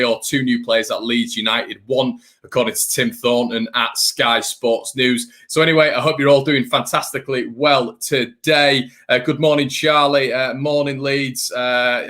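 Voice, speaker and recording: A man's voice: medium pitch, sharp tone. A young man hosting a fan channel live stream, chatting casually and rambling, greeting viewers by name.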